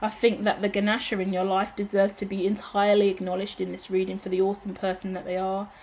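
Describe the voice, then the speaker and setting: A woman's voice: medium pitch, monotone, fast talker, darkish tone, slight background noise. A woman reading tarot cards aloud in a loose, chatty monologue. She talks with open emotion and gushing intensity, and swears casually along the way. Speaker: tarot reader.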